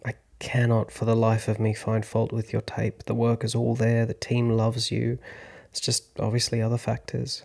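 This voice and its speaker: Casting note: man in his thirties, slow reflective storyteller with a gravelly, flat low voice. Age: 30s. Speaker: podcast host, actor. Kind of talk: first-person storytelling narration.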